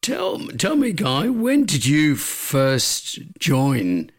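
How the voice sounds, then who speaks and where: An Australian man hosting a radio interview with a croaky voice in a lively, chatty manner. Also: on the high side, extremely slow. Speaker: radio host.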